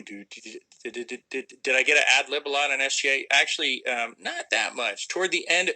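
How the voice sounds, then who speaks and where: A man's voice: medium pitch, bright, forceful tone, rough recording. A man casually answering viewer questions on a livestream, rambling and joking, sometimes trailing off into mumbles. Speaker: actor answering fan questions.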